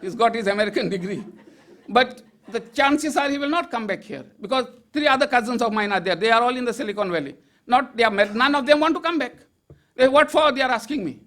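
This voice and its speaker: An older man delivers a public speech in a strikingly high voice. He argues emphatically and rhetorically and slips in dry, joking asides. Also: lively intonation, fast, a bit bright. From Goa, India. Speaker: public speaker. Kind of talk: political speech to an audience.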